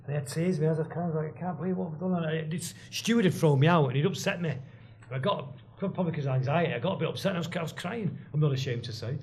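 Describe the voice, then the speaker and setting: A man's voice: on the high side, a little mellow. A man, a guest telling rambling stories full of restarts and asides in casual chat. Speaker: guest, former band drummer.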